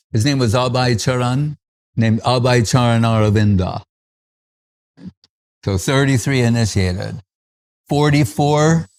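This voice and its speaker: Male spiritual teacher, anecdotal festival talk, chuckling, loose fillers, mid-pitch voice. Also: a little mellow. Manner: chuckles often while recalling stories, with frequent fillers.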